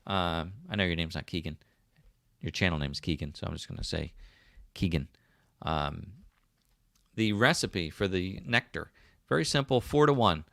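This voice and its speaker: A man in his fifties with a South Jersey accent hosts a relaxed livestream, rambling through viewer comments with plenty of ums and restarts. His low voice has a gravelly edge, and it sounds dry and close to the mic. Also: moderate pace, long pauses, dry recording. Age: 50s. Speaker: livestream host. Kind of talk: casual livestream chat reading comments.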